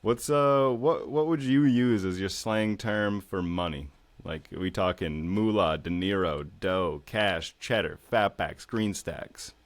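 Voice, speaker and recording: A man's voice: low-pitched, takes it slowly. A man from south of Boston with a light Boston accent, hosting a casual podcast chat, laid-back, swearing freely and laughing often. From Massachusetts, south of Boston. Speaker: podcast host.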